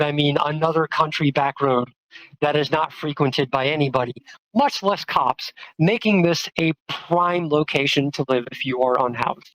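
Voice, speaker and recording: A trans woman, telling a personal story in a casual, chatty way, full of "like" fillers, with quotes acted out in a higher voice. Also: a bit bright, no room sound, poor audio. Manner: chatty, many "like" fillers, acts out quotes with jumps in pitch. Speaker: storyteller, activist.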